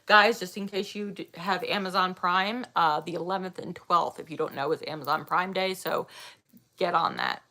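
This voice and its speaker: A woman's voice: lowish voice, steady tone, moderate pace, hardly any pauses, bright, forceful tone. A woman in her thirties chatting casually with her viewers, rambling and laughing often. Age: 30s. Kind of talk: casual chat reading viewer comments.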